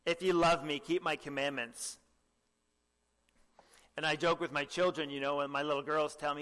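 A young man preaching a sermon with earnest exhortation, often asking the listeners direct questions and clearing his throat. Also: on the high side, flat delivery, moderate pace, pauses often, bright, forceful tone, in a large hall.

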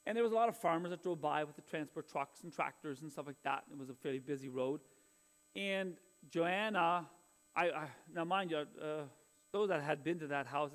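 A man, preaching a sermon in an earnest, conversational way and weaving in personal stories. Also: on the high side. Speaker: pastor.

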